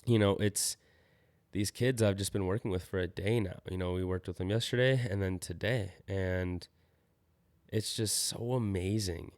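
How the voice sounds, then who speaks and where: A man's voice: low voice, steady tone, normal speed, a little mellow. A young man hosting a casual solo podcast, rambling and upbeat, sounding a little tired. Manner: rambling, loses his train of thought, upbeat about skateboarding. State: tired, yawning. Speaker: podcast host.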